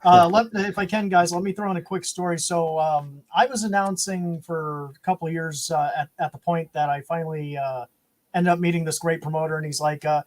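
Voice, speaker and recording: A man's voice: a little high, brisk, poor audio. A man telling stories in a casual chat, acting out the people he quotes. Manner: animated storyteller who acts out quoted voices. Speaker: podcast guest, former wrestling announcer.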